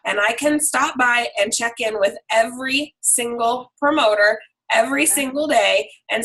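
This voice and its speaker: A hoarse woman leading her sales team on a video call, talking in a chatty, upbeat and loose way. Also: a little high, moderate pace, bright, forceful tone, poor audio. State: hoarse, frog in throat.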